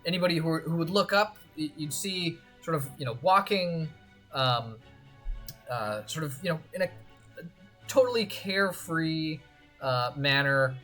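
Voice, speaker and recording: A game master narrating a tabletop game in a halting way, with many fillers and restarts. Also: mid-range voice, animated, sharp tone, soft background music.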